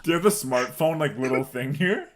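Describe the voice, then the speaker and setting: A man's voice: fairly high pitch, expressive, moderate pace, heavy background noise. Joking laughing podcast guy. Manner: laughing, joking, acting out silly bits. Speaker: podcast co-host. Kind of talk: casual chat.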